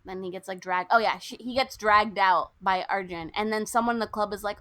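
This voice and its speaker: A young American woman co-hosting a podcast, retelling a movie's plot in a lively, indignant way. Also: mid-range voice, brisk, hardly any pauses. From United States. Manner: animated, indignant storytelling with quoted lines. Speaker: podcast co-host. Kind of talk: casual movie recap chat.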